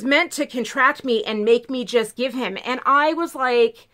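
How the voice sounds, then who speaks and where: A woman's voice: high-pitched, a little slow, fairly bright tone. A woman vlogger telling a story in a casual, emphatic way, full of "like". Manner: chatty, peppered with "like", emphatic.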